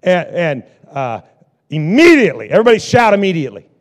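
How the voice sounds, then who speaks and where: A middle-aged male pastor preaching a sermon, swinging between loud bursts and hushed lines. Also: fairly high pitch, animated, measured pace.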